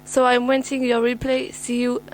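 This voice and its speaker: A woman's voice: on the high side, monotone, moderate pace, slight background noise, rough recording. A teenage girl introduces herself to pen pals in careful learner's English with fillers. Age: teens. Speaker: student.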